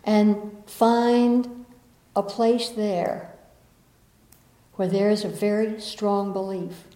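A woman, leading a group workshop in a room and moving from playful asides to slow, soothing guidance. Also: medium pitch, flat delivery, dark tone. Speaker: workshop facilitator. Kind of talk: guided group workshop talk. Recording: echoey room.

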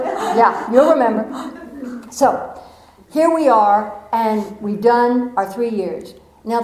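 A woman giving an inspirational talk to a live audience, telling stories with playful asides. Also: medium pitch. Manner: storytelling, animated, playful asides. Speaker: motivational speaker. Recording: echoey room.

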